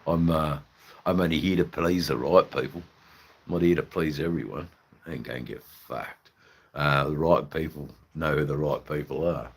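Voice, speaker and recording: Very deep-voiced Australian man rambling. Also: normal speed, breathy edge. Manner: hesitant, full of fillers and restarts, blunt and swearing. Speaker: livestream host. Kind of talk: rambling live-stream chat.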